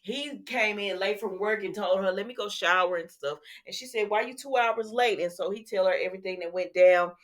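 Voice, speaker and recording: A woman's voice: medium pitch, a little fast, few pauses. A woman who recaps soap opera episodes in a casual, chatty way, acting out the dialogue and laughing often. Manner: animated, acts out the quotes, laughs often.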